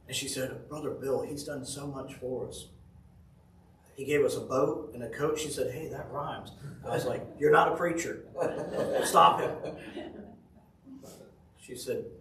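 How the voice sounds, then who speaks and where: A pastor with a mid-range voice gives a casual devotional sermon, chuckling as he tells folksy family stories. The audio is roomy, picked up by a distant mic, with a little hiss or hum.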